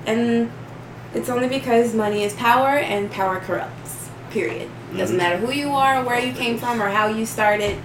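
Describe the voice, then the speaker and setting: A woman's voice: a little high, moderate pace. Woman, casual co-host, blunt, laughs a lot, echoey room, noisy background. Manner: blunt, laughs often, loud bursts. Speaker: podcast co-host. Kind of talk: casual chat. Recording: roomy echo, distant mic, noisy background.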